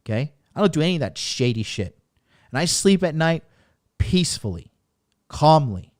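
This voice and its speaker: A man's voice: a little high, big pitch swings, normal speed, no echo, studio quality. A man hosting a podcast, giving a profane, emphatic motivational rant that hammers the same points over and over. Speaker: podcast host and dating coach.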